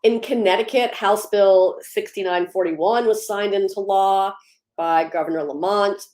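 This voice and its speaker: A woman's voice: medium pitch, fairly even intonation, unhurried, a little mellow, echoey room. A woman hosting a casual livestream, upbeat, greeting viewers by name and laughing easily between policy updates. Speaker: livestream host.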